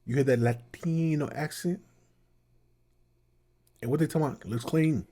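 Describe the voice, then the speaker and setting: A man hosting a casual reaction show. His voice is husky and mellow, and his talk rambles loosely, like chat. He sounds relaxed and conversational. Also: on the high side, moderate pace. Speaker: commentary host.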